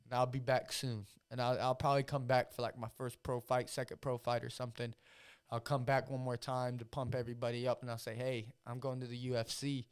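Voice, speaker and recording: A man's voice: mid-range voice, little pitch movement, fairly quick, clean tone. A man in his twenties hosting a casual podcast chat, talking in a profane, hyped-up, rambling way. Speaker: podcast host and amateur fighter.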